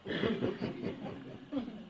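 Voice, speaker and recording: An older man giving a rambling, folksy slide-show talk to a local group, chuckling at his own jokes. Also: drawn-out words. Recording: roomy, distant amateur recording with faint background noise.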